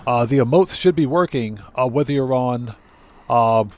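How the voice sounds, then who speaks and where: Male game streamer, relaxed rambling live commentary, mid-pitched. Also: normal speed. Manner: rambling, easygoing, many fillers and self-corrections. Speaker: GTA streamer and content creator. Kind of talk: live gameplay commentary, reading chat.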